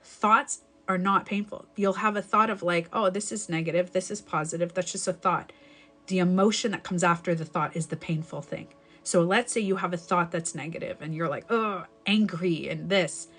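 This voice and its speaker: A woman's voice: lowish voice, moderate pace, a bit bright. A woman coaching viewers on a live stream, talking casually and repeating her points to encourage them. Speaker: breakup and self-love coach.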